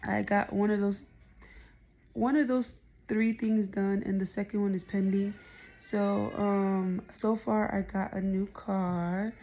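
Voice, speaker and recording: A woman's voice: medium pitch, fairly even intonation, slow pace, mellow, a little hiss or hum. A woman in her thirties, heavily pregnant and out of breath, talking candidly into a phone camera for a video diary, rambling with many ums. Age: 30s. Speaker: vlogger. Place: parked car, then at home.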